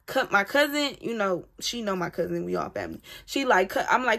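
A woman's voice: a little high, fairly quick, gravelly, hardly any pauses. A woman telling a personal story in a casual, dramatic way, talking straight to her viewers. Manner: animated, dramatic retelling addressed straight to viewers. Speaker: storyteller vlogger.

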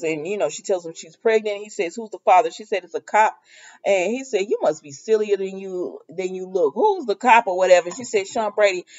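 A woman's voice: medium pitch, lo-fi sound. Chatty woman acting out a soap recap. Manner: animated retelling, acts out characters' lines; laughs often while talking. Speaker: soap opera reviewer. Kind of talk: casual recap chat.

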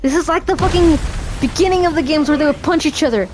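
A woman doing let's play commentary, excitable and cheering herself on, swearing freely, with game music behind. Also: high-pitched, fast. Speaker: gamer. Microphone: headphones.

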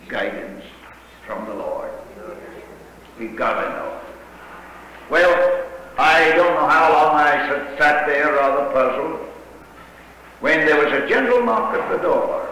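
An older man preaching, retelling a story slowly and dramatically with quoted dialogue. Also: fairly high pitch, bright, forceful tone. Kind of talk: sermon storytelling. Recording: echoey hall with long reverb.

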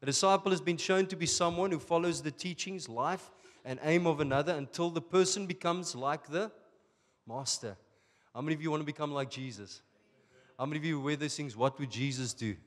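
A male pastor preaching a sermon from South Africa, animated and rising to emphatic bursts. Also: a little high, a little fast, long reverb tail.

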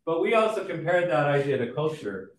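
A man's voice: on the high side, expressive, a little fast. Echoey, casual male sociology lecturer. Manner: conversational, many fillers and restarts. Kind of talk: recorded college lecture. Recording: echoey room, mic at a distance.

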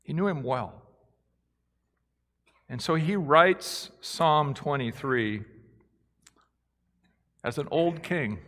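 A man preaching a sermon as a pastor, moving between hushed reflection and excited proclamation. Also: mid-range voice. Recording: long hall reverb.

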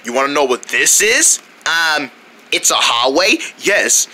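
A performer voicing a cocky, silly cartoon creature boy in a lowered, slow, boastful drawl with a husky tone. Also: sing-song, bright, forceful tone, exaggerated voice.

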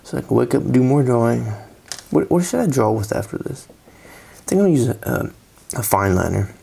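Sleepy guy rambling while he doodles, husky and mellow. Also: mid-range voice, big pitch swings, brisk. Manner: rambling, drowsy, lots of fillers and trailing thoughts. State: sleepy, yawning. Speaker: artist doing doodle commentary. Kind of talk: casual rambling commentary while drawing.

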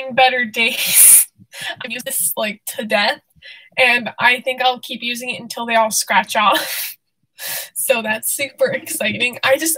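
A young woman hosting a casual live stream, bubbly and excitable, out of breath and laughing often. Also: fairly high pitch, poor audio.

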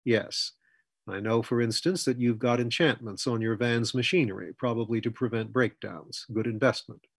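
A man voicing Fletcher, a calm, firm older mentor who talks in a measured, persuasive way. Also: medium pitch, vocal fry, slightly rough, dry recording.

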